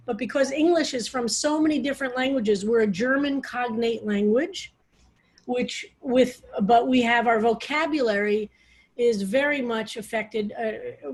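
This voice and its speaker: A woman rabbi teaching a study group on a video call, explaining in a loose, digressive way with frequent restarts. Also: on the high side. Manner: digressive, restarts often, talks over her own phrasing.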